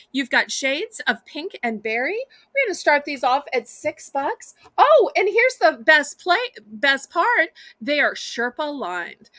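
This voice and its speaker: A woman's voice: high-pitched, bright, forceful tone, dry recording. A woman with a Southern US accent hosting a live home-shopping auction, chatty and sweet, calling the viewers y'all.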